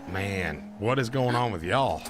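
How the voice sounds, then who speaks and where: A man's voice: on the low side, a little slow, noisy background. A young man, a brash, chatty streamer playing a marshal in a live roleplay. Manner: animated, brash, chatty with viewers.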